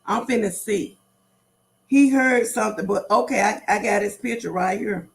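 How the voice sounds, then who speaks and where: A woman's voice: medium pitch, moderate pace, creaky. A middle-aged woman hosting a casual livestream, talking straight to her viewers in a repetitive, emphatic way. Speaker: livestream host.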